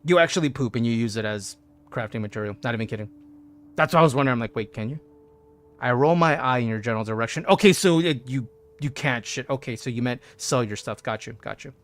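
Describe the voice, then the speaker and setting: An excitable man talks through a video game on a live stream, answering messages from his chat. His voice sits at a middle pitch, and he keeps saying "dude" when he gets worked up. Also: fast talker. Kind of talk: casual live gameplay commentary.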